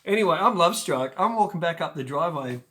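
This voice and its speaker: A man in his forties hosting his own show, telling a personal story in a chatty, animated way with sudden loud bursts. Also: on the high side, a little fast, background noise. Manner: animated, acts out scenes with sudden loud outbursts; chatty with frequent fillers and restarts. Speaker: show host.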